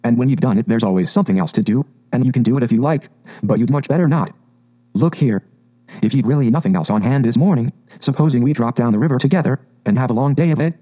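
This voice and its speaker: Man doing a cheery water rat, hearty and rambling, storybook voice, raised pitch, mellow tone. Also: fast talker, close to an everyday voice. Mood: rambling cheerful. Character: cheerful boat-loving male water rat.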